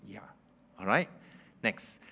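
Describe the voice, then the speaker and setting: This male preacher takes his lively sermon slowly, laughing frequently and throwing question after question at his listeners. His grammar is simple and broken.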